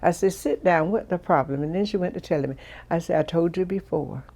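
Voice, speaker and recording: A woman, from Florida, telling personal stories in a folksy, gently preaching way. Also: fairly low pitch, brisk. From Florida, USA. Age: 70s. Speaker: storyteller guest. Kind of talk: casual personal storytelling.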